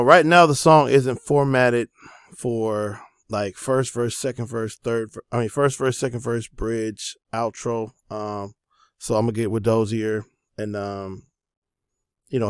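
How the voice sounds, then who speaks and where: A man hosting a casual music production tutorial, talking in a laid-back, loose way with many pauses and fillers. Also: fairly low pitch, steady tone, smooth, dry recording.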